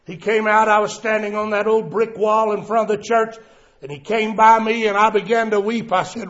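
A male preacher delivers a sermon, swinging between loud cries and hushed tones. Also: high-pitched, normal speed, vocal fry, lo-fi sound.

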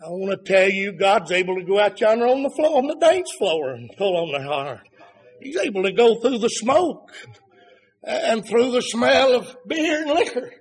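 Man, preacher, sermon, very high pitch, fervent, swings loud and soft. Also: animated, normal speed, breathy edge. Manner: fervent, rising to shouts then dropping low.

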